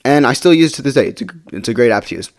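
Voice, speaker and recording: Fast-talking teenage guy telling a story. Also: mid-range voice, lively intonation. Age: teens. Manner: rambling, swears freely, frequent restarts. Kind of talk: casual storytime monologue.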